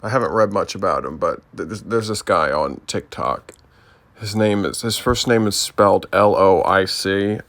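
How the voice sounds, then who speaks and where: A man's voice: low-pitched, moderate pace, a bit bright. A young man chatting casually and rambling with many hesitations, poking fun at himself while he practises a language lesson. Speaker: language learner vlogger. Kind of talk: casual chat while doing language drills.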